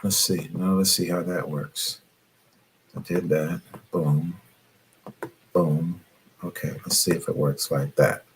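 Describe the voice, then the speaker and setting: A middle-aged man coaching on relationships in a late-night live stream, animated and preachy, scolding his viewers playfully and laughing often. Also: sits low, slow, pauses often, a little hiss or hum. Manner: fumbles with his phone while reading comments.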